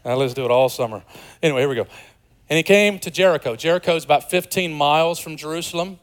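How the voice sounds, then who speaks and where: A man in his forties preaching a sermon with a slightly high voice. He swings between loud, excited stretches and soft, hushed ones. He drops in casual, joking asides to his listeners. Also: fast talker, rough recording. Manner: conversational, jokey asides. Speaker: pastor.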